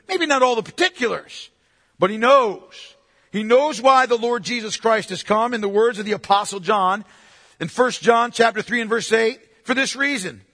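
Pastor, male, very high and sharp voice, emphatic sermon delivery, long hall echo. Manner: emphatic, asks rhetorical questions.

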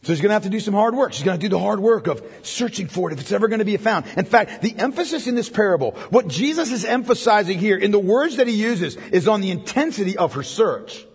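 Male pastor, high husky voice, chatty sermon full of "right?" asides, long church reverb. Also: expressive, fast, few pauses. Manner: conversational preaching with frequent tag questions.

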